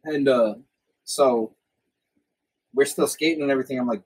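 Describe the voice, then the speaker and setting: A man's voice: mid-range voice, normal speed, darkish tone, breathy edge, low-quality recording. A young man hosting a podcast, telling rambling, profanity-laced stories from his youth in casual chat. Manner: swears a lot, rambling anecdotes. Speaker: podcast host.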